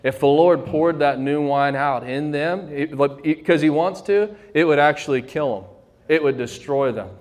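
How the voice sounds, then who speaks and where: A young adult man preaching with fervor to a congregation, his voice sitting a little high for a man. He slows right down to drive home the key lines, then picks the pace back up. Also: a little mellow. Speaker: pastor. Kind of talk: sermon.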